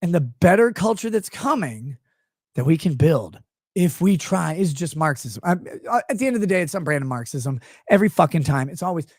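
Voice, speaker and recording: A man hosting a commentary show launches into a profane, sarcastic rant, his pitch swinging widely as he jeers. The sound is close and dry, with no room around the voice. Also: big pitch swings, fairly quick, a little mellow, no room sound. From United States. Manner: profane, sarcastic, mocking asides. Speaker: show host. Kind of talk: ranting political commentary.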